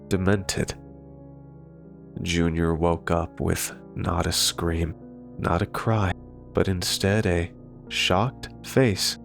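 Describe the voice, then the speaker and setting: A man narrating a horror story in a slow, deliberate scripted delivery. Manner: slow, deep and gravelly delivery. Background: faint guitar music.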